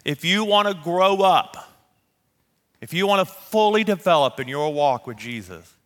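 Animated pastor preaching in a big hall. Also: male voice, on the high side, normal speed. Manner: animated, acts out quoted voices. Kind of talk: sermon storytelling. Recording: long reverb of a large hall.

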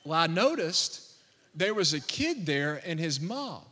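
Bright, high-voiced preaching man in a hall. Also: sing-song, measured pace. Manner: storytelling with humor, rising to fervent declarations. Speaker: pastor. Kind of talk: sermon. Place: church sanctuary.

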